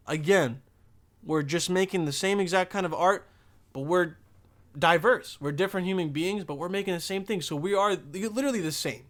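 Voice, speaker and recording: A man's voice: sits high, normal speed, a bit bright. A young man hosting a podcast, talking in a loose, rambling and profane monologue. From Bosnia. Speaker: podcast host.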